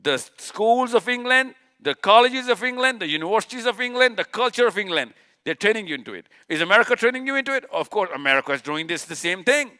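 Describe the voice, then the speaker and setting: A man's voice: sits high, sing-song, fast talker, sharp tone, clear, resonant tone. A man giving a live lecture in an event hall. He is emphatic, repeats key words and asks rhetorical questions that he answers himself. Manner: uses a clicker with slides. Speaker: speaker.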